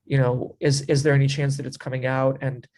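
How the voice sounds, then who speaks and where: A man's voice: mid-range voice, flat delivery, fairly quick, a little mellow. Man rambling through a casual story. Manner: rambling, filler-heavy with frequent 'like' and 'you know'; acts out his own past remarks in quotes. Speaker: interview guest telling a story.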